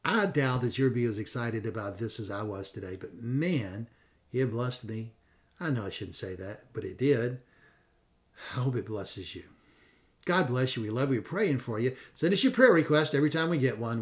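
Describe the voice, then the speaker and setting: A man's voice: mid-range voice, animated, moderate pace. A man hosting a ministry podcast, talking in a folksy, rambling way with frequent fillers and self-corrections. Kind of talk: casual podcast sign-off.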